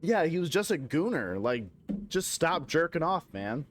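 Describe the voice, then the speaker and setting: A man's voice: a little high, very animated, unhurried, noisy background. A young American man streaming a game, chatting casually in a rambling, profane way and slipping into mock-outraged rants. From United States. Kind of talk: casual gameplay chat.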